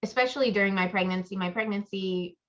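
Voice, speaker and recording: A woman's voice: medium pitch, fast talker. A woman co-hosting a casual chat podcast, rambling through stories and acting out her own inner voice. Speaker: podcast co-host. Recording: muffled lo-fi audio.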